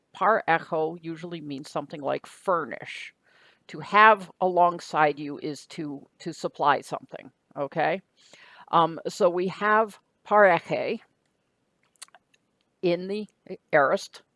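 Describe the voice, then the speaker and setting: A woman's voice: on the low side, a bit bright, no echo. Woman teaching with a dry close sound. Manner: patient, methodical, talks through each word step by step. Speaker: Greek teacher. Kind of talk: recorded lecture.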